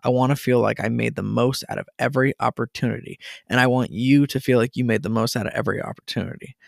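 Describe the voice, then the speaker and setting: Earnest gravelly-voiced man talking to listeners. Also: medium pitch, fast talker, no echo, studio quality. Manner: earnest, repeats words when excited. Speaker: podcast host. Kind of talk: casual solo talk to listeners.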